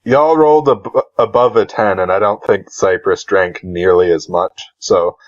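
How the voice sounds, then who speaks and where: Low-voiced male game master on a dull mic. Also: unhurried. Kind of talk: running a tabletop game.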